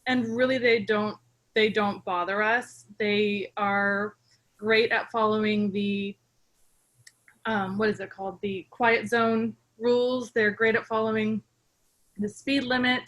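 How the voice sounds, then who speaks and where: A woman giving a measured, polite public comment as a resident, calling in to a town meeting. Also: on the high side, fairly bright tone. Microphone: remote call-in.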